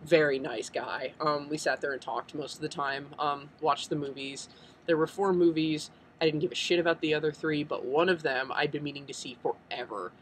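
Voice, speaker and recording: A man's voice: on the high side, fairly even intonation, normal speed, a little hiss or hum, poor audio. A young American man chatting casually in a vlog, rambling and full of ums. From United States. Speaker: vlogger.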